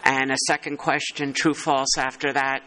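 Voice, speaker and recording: A man's voice: medium pitch, level tone, moderate pace, sharp tone, low-quality recording. A man chairing a working-group meeting, thinking aloud and poking fun at himself. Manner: thinking aloud, self-deprecating.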